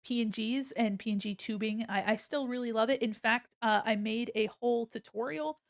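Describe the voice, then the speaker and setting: A woman streamer in casual live-stream chat, playfully yelling mock insults at her chat between friendly thank-yous. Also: fairly high pitch, normal speed, dry recording, studio quality.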